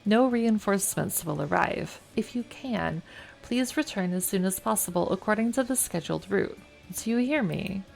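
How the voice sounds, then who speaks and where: A woman from the United States streaming a game, reading its text aloud in a calm, measured way and chatting casually between passages. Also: medium pitch, vocal fry, faint music behind.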